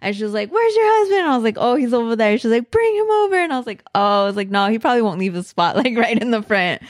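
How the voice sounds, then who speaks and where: A woman's voice: medium pitch, steady tone, fast, no room sound, studio quality. A woman telling a story in a casual chat with her husband, full of fillers and swearing. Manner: swears a lot, many fillers.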